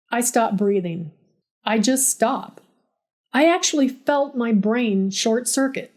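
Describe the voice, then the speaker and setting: Woman storyteller, nurse, slow and sarcastic, deadpan exasperation. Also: medium pitch. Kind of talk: first-person storytelling narration.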